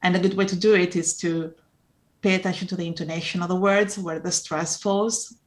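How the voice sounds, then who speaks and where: Speaking fairly quickly in a lowish, steady voice, an Italian teacher guest who is not a native English speaker answers interview questions in Italian-accented English. She is earnest and encouraging and laughs frequently.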